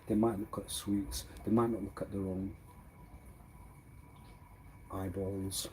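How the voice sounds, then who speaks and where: A man on a live stream rambling in a disjointed monologue, arguing back and forth with himself and repeating words, swinging from quiet mutters to loud exclamations. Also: low-pitched, little pitch movement, slow pace, breathy edge. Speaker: livestreamer.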